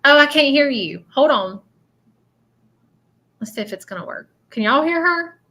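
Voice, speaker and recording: Bright high woman, rambling live-stream medium. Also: measured pace. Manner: rambling, repeats phrases, animated. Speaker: psychic medium host. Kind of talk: live-stream reading with viewers.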